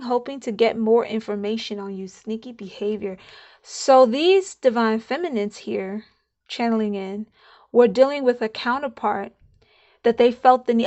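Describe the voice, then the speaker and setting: A woman's voice: on the high side, a little mellow, dull audio. A woman giving a casual channeled spiritual card reading, musing aloud and repeating herself. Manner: chatty, musing, repeats herself, laughs now and then.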